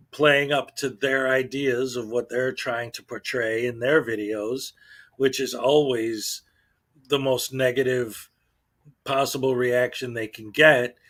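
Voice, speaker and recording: A channel host, a man with an ordinary middle-pitched, slightly bright voice, delivers exasperated, casual commentary on his own channel. He frequently trips over his words, repeating them and starting sentences over.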